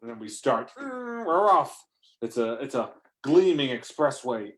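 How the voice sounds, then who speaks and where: A man telling a rambling, improvised comedic story, interrupting himself and breaking into shouted lines. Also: mid-range voice, moderate pace.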